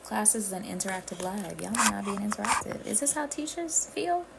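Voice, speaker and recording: A woman's voice: mid-range voice, expressive, brisk, vocal fry, very noisy. A woman from the Caribbean, hosting a casual livestream and chatting directly with her viewers. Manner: chatty, addresses viewers as y'all. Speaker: livestream host.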